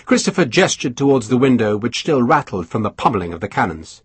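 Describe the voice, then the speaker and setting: A man narrating an audiobook in an expressive storytelling manner. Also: medium pitch, fairly quick, hardly any pauses, husky, no echo. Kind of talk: scripted narration.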